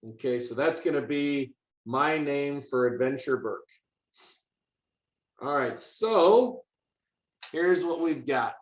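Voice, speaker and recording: A man's voice: fairly high pitch, expressive, slow, long pauses. Chatty male teacher in an echoey room. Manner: chatty, upbeat, many fillers and restarts. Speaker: teacher leading a coding workshop. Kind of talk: casual hands-on teaching demo.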